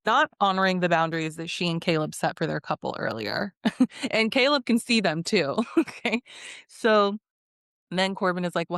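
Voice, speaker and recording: A woman's voice: on the low side, smooth, no room sound, clean studio sound. A woman giving a casual reality show recap, sassy and full of laughs and mocking asides. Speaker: recap host.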